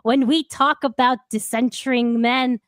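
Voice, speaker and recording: High-voiced woman reading an essay. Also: fairly even intonation, clean tone, dry recording, studio quality. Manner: reads in long, measured sentences, stumbling on words now and then. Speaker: podcast co-host. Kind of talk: reading a prepared essay aloud on a podcast.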